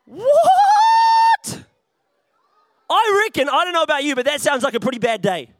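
Casting note: lively, jokey male youth preacher with a high, bright voice. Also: fast, no echo, studio quality. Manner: chatty, jokey, often restarts phrases. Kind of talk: playful youth sermon with a volunteer.

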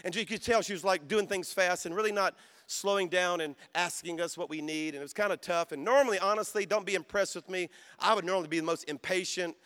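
Bright, high-voiced man preaching. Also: fast talker. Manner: storytelling, dropping to soft voice then rising to shouts. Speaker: pastor. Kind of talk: sermon. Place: conference hall.

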